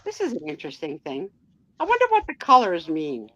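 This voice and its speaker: A woman's voice: on the low side, huge pitch swings, fairly quick, a bit bright, no echo, lo-fi sound. A woman co-hosting a live vintage sale, chatting and calling out bids from viewers. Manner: chatty, runs the bidding and teases viewers.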